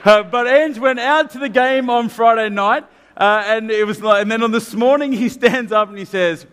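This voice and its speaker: A man's voice: very high voice, normal speed, fairly bright tone, clean tone. An Australian man hosting an on-stage interview at a church, chatty and jokey, laughing often. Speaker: church host. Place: church hall. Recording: long hall reverb.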